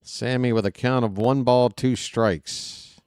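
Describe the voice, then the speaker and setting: A man doing fan play-by-play commentary of a baseball game, excitable and prone to rambling asides between pitches. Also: slow pace, clear, resonant tone, no echo, studio quality. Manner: excitable, shouts on big plays, rambling asides.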